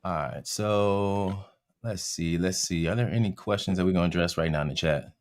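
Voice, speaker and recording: A man's voice: sits low, moderate pace, a little mellow. A man hosting a live Q and A, upbeat and chatty, plugging a course and reading out viewers' questions. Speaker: host of a live Q and A.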